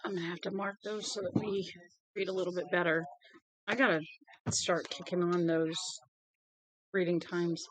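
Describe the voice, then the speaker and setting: A woman's voice: level tone, moderate pace, noisy background. A woman chatting casually at home before reading a novel aloud, rambling between small talk and talking to her dog. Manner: rambling and chatty, talks to her dog in a high sing-song.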